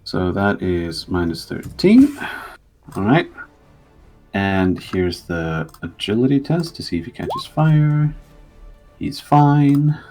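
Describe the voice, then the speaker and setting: A man's voice: fairly low pitch, big pitch swings, slow, long pauses, darkish tone, soft background music. A man running a tabletop game as game master, thinking aloud and counting out moves.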